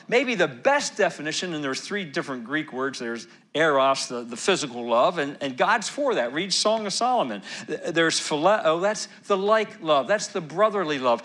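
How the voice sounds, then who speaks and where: Middle-aged man, pastor, bright tone, sermon delivery rising to loud emphasis then dropping to a hush. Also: on the high side, moderate pace. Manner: animated preaching, swings from loud emphasis to near-whisper.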